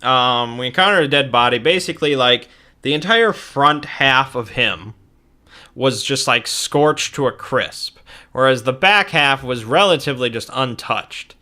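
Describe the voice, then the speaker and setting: A man's voice: medium pitch, animated, a little slow, pushed and bright. A young man recounting a tabletop game session in a rambling way, with many fillers and restarts.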